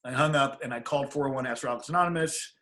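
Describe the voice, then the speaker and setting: Bright-voiced man telling his story. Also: medium pitch, rapid-fire. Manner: animated, acts out quoted voices. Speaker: guest. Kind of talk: casual interview storytelling.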